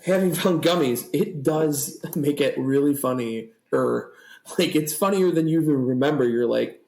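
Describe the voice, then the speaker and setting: A man's voice: fairly high pitch, normal speed, vocal fry, a little mellow, reverberant, low-quality recording. A man in his thirties, a podcast guest in a rambling, laughing casual chat.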